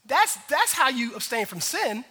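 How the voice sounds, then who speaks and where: A male preacher delivers his sermon with a high, ringing brightness, chatting with the congregation in loose slang. His voice carries a long reverb that hangs in the large church hall. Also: moderate pace, slightly rough. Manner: casual and lively, with slang asides to the congregation. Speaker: pastor.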